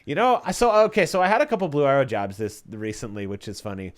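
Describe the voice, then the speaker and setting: Male podcast co-host, lively pitch, animated storyteller who acts out the people he quotes. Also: fast. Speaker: podcast co-host and voiceover artist. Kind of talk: casual podcast chat.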